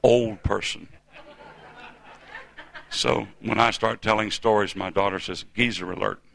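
A man's voice: on the low side, steady tone, unhurried, gravelly, a bit bright, no room sound. A man in his fifties from the United States preaching a sermon in a church, with emphatic call-and-response delivery. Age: 50s.

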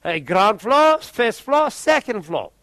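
A man preaching, telling a testimony story in an animated way and often repeating his words. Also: high-pitched, slow, no room sound.

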